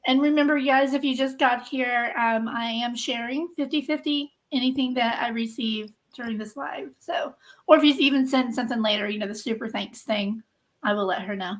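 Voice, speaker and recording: A woman's voice: on the high side, fairly quick, poor audio. A woman hosting a live true-crime stream, reading a legal document aloud and breaking off for wry asides to her viewers.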